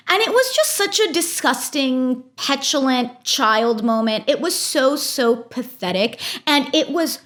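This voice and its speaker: A woman's voice: sits high, lively intonation, moderate pace, hardly any pauses, a bit bright. A young adult woman giving a chatty, opinionated recap of a reality show episode, with exasperated asides. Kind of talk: casual recap commentary.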